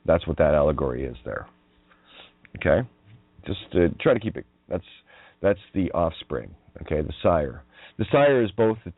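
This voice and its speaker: A man's voice: fairly low pitch, no echo. A man, hosting a radio show, rambling through wordplay with frequent laughter and profanity. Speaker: radio host. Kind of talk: rambling monologue. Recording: dry, phone-like line.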